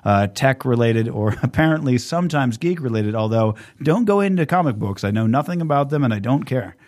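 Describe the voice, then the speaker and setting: A man hosting a podcast in casual chat, rambling and animated, swearing freely. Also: medium pitch, fairly quick. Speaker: podcast host.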